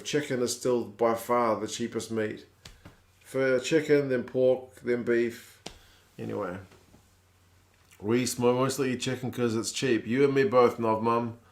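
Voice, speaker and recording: A man in his thirties with a New Zealand accent, hosting a live stream and chatting casually as he reads out viewer comments in a laid-back, wry way. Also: mid-range voice.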